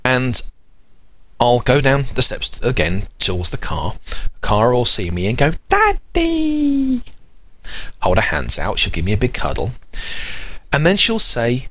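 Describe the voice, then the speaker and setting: A man's voice: medium pitch, very animated, moderate pace, fairly bright tone. A man in his thirties hosting a podcast, rambling chattily and correcting himself along the way. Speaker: podcast host. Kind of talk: casual chat.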